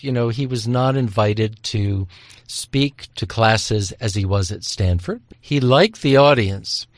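A man speaks as a historian, giving measured and explanatory answers in an interview. His voice is close and dry, with no room sound around it. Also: mid-range voice, dry recording.

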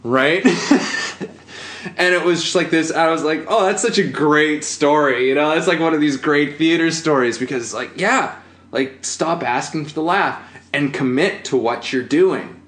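A man's voice: on the high side, normal speed, fairly bright tone. Rambling man in an echoey room. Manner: rambling, many fillers and restarts, laughs often. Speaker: actor. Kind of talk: casual conversation, storytelling. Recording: roomy echo.

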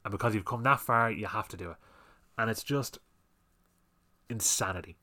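A man's voice: fairly low pitch, moderate pace, bright, forceful tone. A man hosting a solo podcast, ranting fiery and sweary about comedy and censorship. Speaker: podcast host.

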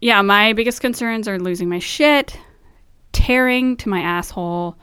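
A woman co-hosting a podcast, telling stories in an animated way and swearing freely. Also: medium pitch, a little slow, clear, resonant tone, dry recording, clean studio sound. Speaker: podcast co-host, expecting mother. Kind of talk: casual chat.

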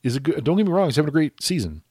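A man co-hosting a podcast, talking sports in a casual, animated way. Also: a little high, slightly rough, dry recording, clean studio sound. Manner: animated, chatty, quick asides and laughs. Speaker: podcast co-host.

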